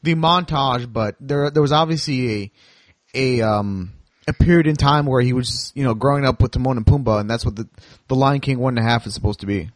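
A man's voice: mid-range voice, fairly quick, no room sound. A man hosting a podcast in casual chat, explaining things in an opinionated way with frequent restarts. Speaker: podcast host.

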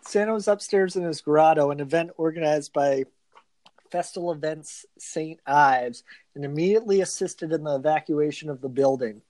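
A man's voice: fairly high pitch, normal speed, darkish tone, no room sound. A man co-hosting a comedy podcast, reading a news story aloud with amusement. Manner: reads in a casual, amused way. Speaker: podcast co-host.

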